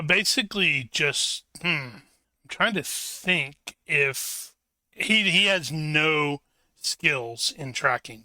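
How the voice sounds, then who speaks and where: A man playing a tabletop game, unhurried and searching for words. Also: fairly high pitch, sharp tone, dry recording. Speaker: player.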